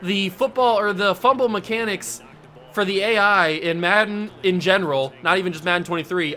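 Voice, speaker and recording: A bright, high-voiced man calling his own football video game as it plays. He is animated and jokey, and he breaks into mock outrage, with faint music behind him. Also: normal speed. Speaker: gaming YouTuber host. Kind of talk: live gameplay commentary.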